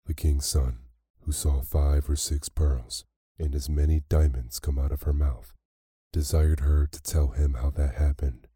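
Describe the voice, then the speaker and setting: A man narrating a classic fairy tale as a slow, soothing bedtime story. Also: very deep voice, steady tone, slightly rough, dry recording, clean studio sound. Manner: slow, soft, soothing reading.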